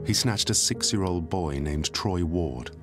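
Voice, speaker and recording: A man narrating a documentary from a script in a measured, grave way. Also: deep voice, loud music behind the voice. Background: loud documentary score.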